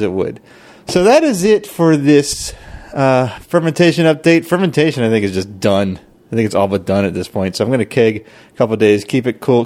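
A man's voice: mid-range voice, a little mellow, no room sound. A man hosting a podcast, giving a casual, rambling update and thinking aloud as he goes. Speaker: podcast host, home brewer.

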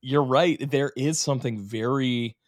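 A man's voice: medium pitch, a little slow, no room sound, studio quality. A man co-hosting a casual podcast, animatedly recapping an episode with swearing and silly voices. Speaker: podcast co-host.

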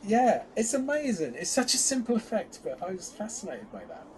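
A man's voice: sits high, a little fast. A man co-hosting a casual fan chat, talking in bursts with lots of restarts. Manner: chatty, hesitant restarts, animated bursts. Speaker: podcast co-host.

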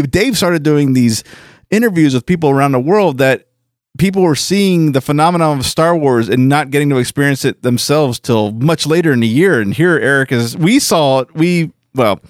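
Middle-aged male podcast host, relaxed chat, dry close mic. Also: on the high side, no room sound. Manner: easygoing, reads listener messages aloud. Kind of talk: casual chat.

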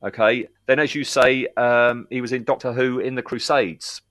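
A man co-hosting a relaxed podcast, chatty and full of anecdotes. He acts out the people in his stories with lively voices. His voice sits at an ordinary pitch, recorded dry and close. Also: normal speed, no room sound. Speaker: podcast co-host. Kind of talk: casual chat.

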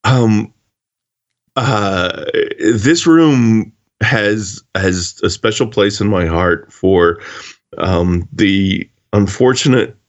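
Low-voiced, swearing man on a dull recording. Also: extremely slow. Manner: profane, animated storytelling. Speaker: podcast co-host. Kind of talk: casual chat.

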